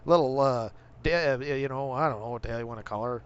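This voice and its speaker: A man's voice: medium pitch, fast talker, clean tone. A middle-aged man, ranting casually and profanely while hosting a gaming livestream. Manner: profane, ranting, rising to angry outbursts. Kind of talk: casual rant while streaming. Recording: dull lo-fi stream audio with faint vehicle hum.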